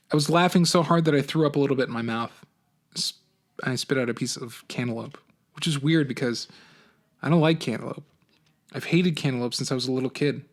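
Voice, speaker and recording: A man, a teacher, reading a novel aloud for his class, with an expressive, animated first-person delivery. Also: on the high side.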